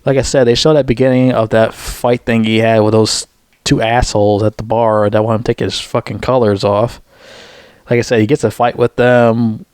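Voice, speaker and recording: A man giving a heated, profane movie review. He rambles with many restarts, and his voice jumps higher when he gets outraged. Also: flat delivery, normal speed, a little mellow, clean tone, no echo, studio quality.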